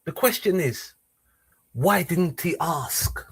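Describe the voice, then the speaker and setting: High-voiced rambling man. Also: lively intonation, slow, a bit bright, husky. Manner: rambling, many restarts and repeated phrases. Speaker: livestream host. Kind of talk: casual livestream talk.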